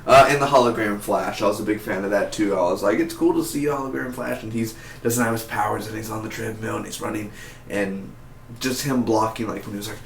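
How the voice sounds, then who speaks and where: A man casually reviewing a TV episode, rambling with lots of fillers and acting out scenes in quick impressions. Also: lowish voice, steady tone, vocal fry, a little hiss or hum. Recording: roomy, distant-sounding home recording with faint background ambience.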